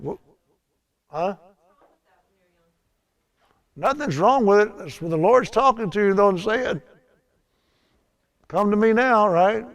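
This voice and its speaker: A man's voice: high-pitched, expressive, slow, pauses often. An older man teaching a Bible lesson in a chatty storytelling way, laughing at his own tales.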